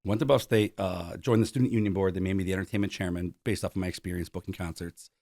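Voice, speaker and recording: A Buffalo, New York concert promoter in his forties tells stories as an interview guest, acting out quoted dialogue and saying "like" constantly. His voice sits low and gravelly with a dark, steady tone, and he talks fast. The recording is studio quality with no room sound.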